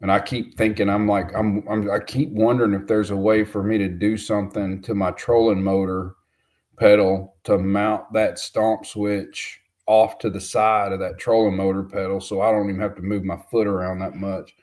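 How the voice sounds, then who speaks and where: A man co-hosts a casual fishing livestream in a slightly low voice. He talks easygoing and unhurried, with filler words. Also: level tone, darkish tone. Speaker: co-host.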